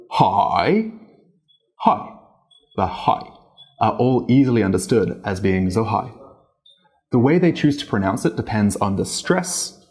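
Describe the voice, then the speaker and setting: A man whose first language is English, teaching Vietnamese tone pronunciation as a learner, animated and demonstrating tones with his voice. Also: lowish voice. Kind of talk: explanatory language lesson. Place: Hanoi.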